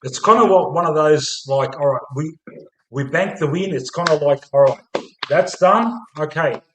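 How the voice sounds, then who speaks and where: A man's voice: on the high side, normal speed, a bit bright, slight background noise, rough recording. Australian man hosting sweary footy chat. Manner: swears a lot, fillers, "mate" and "man". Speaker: host of a fan stream.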